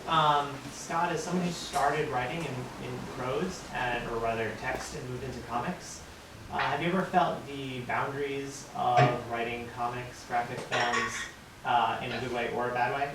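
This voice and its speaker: A man in the audience asking a careful, halting, polite question at a live event. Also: medium pitch, fairly even intonation, background noise. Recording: distant, echoey, with crowd.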